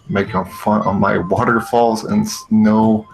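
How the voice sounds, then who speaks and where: A man hosts a comedy show with a gravelly, low-set voice. He rants slowly and sarcastically, laughing as he goes. Faint music sits under him. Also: steady tone, low-quality recording. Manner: sarcastic, exasperated, frequent laughing. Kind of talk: comedic rant, parody commentary.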